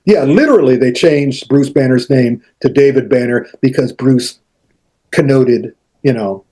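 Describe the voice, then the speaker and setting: An older man telling animated anecdotes as an interview guest, acting out quotes, with frequent restarts. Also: medium pitch, unhurried, slightly rough. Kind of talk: casual storytelling interview.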